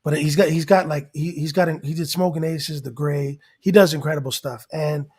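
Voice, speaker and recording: A man telling a long story in casual chat, excitable and rambling, acting out what people said. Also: fairly high pitch, moderate pace, slightly rough. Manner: excitable, rambling, acts out quotes. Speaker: guest rapper and actor.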